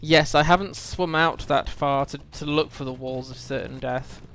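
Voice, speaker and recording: A man's voice: a little high, fairly even intonation, normal speed, fairly bright tone. A man streaming a game, chatting casually and rambling about lore with lots of fillers. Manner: musing, rambling lore talk with many fillers. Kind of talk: casual live-stream chat.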